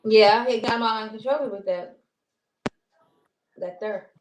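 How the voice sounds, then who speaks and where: A woman's voice: fairly high pitch, unhurried, a little hiss or hum. A woman co-hosting a casual talk show, rambling and chatty with many restarts. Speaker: co-host. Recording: roomy echo.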